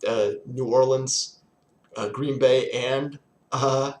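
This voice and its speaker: A man's voice: mid-range voice, steady tone, slow pace. Profane, exasperated man ranting. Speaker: sports fan vlogger. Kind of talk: casual ranting vlog.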